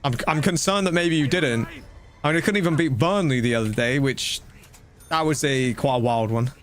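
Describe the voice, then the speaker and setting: Chatty male gaming streamer. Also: medium pitch. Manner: chatty, rambling, quick exclamations. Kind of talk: casual live-stream commentary.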